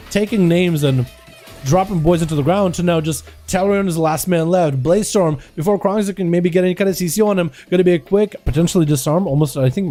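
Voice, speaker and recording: A man streaming live, commentating game duels in an excitable, chatty way and talking to his chat. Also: high voice.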